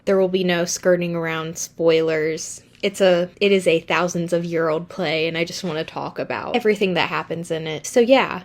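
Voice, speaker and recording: Chatty young woman with a low voice. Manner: chatty, slangy, self-deprecating. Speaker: book reviewer. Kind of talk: casual book review.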